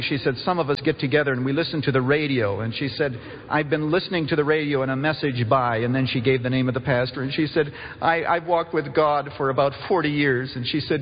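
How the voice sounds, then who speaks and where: A man preaching as pastor, telling a story and acting out the people in it with lively rises in pitch. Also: brisk, slight background noise. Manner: storytelling preacher, animated quoting. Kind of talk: sermon. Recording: muffled hall recording, long reverb.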